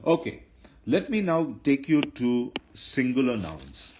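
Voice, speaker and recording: A man's voice: medium pitch, big pitch swings, takes it slowly. A man teaching Hebrew grammar in a patient lecture, often repeating himself and correcting slips. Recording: dull lo-fi lecture recording with faint noise.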